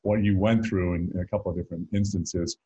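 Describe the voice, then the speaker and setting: Middle-aged male guest, low husky voice, chatty storyteller who jokes and restarts sentences. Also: fairly even intonation, fast, mellow, dull audio. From North Carolina. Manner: rambling, self-interrupting, joking. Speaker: guest musician and author. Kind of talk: casual interview storytelling.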